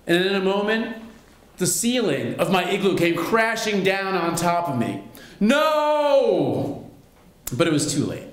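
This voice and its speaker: A man telling a personal story on stage at a live storytelling show, wry and lively. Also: sits high, normal speed, roomy sound. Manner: wry, lively, self-mocking.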